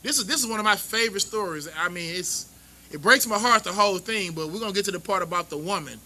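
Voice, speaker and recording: High-pitched man, bright piercing tone, preachy and mocking scripture teacher. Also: quick pace, rough recording. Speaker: teacher leading a scripture class. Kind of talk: street-style scripture teaching.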